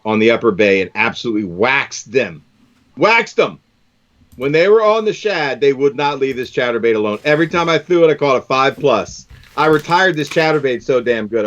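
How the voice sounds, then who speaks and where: A man's voice: mid-range voice, lively intonation, fast talker, hardly any pauses, a bit bright, dull audio. A man hosting a live stream, chatting casually and enthusiastically while tying fishing lures, often calling people "man".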